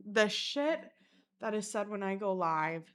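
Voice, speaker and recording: Young woman, casual vlogger, swears freely, animated storyteller, talking to her phone camera at home. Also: mid-range voice, a little slow. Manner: profane, animated storytelling with acted-out quotes. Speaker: content creator. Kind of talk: casual vlog chat.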